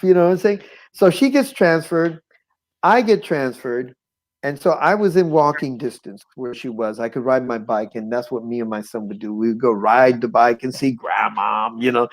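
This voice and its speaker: Animated middle-aged man telling his story. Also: fairly high pitch, low-quality recording. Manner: animated, acts out quoted voices, chuckles often; conversational with frequent "you know what I'm saying". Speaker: guest sharing his life story. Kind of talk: personal testimony, storytelling.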